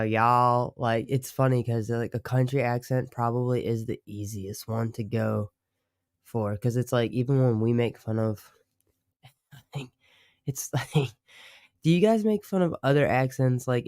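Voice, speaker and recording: Young man from Baltimore, loose rambling streamer chat, mellow tone, dry close sound. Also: mid-range voice, clear, resonant tone, no echo. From Baltimore, United States. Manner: rambling, swearing, many fillers. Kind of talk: casual livestream chat.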